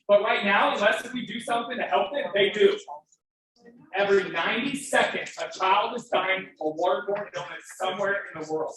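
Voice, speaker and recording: A fundraiser speaker with a high, bright, forceful voice addresses an audience at a moderate pace, his appeal fervent and emphatic, at times breaking into emotion. The event hall is very echoey, and he comes across distant with faint noise.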